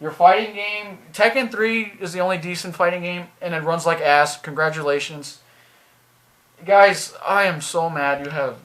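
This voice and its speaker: A man's voice: a little high, measured pace, a bit bright. A man delivering an exasperated, swearing rant to camera, repeating himself as he vents. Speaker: video creator. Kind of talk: angry product rant.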